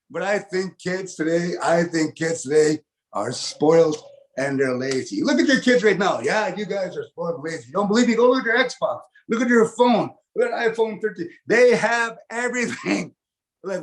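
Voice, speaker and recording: A man with a notably high voice performs folksy stand-up comedy. He sounds middle-aged and talks in an animated, storytelling way, often finishing his lines with "eh?". He acts out loud laughter as he goes. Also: slight background noise. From Canada. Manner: tags lines with "eh?".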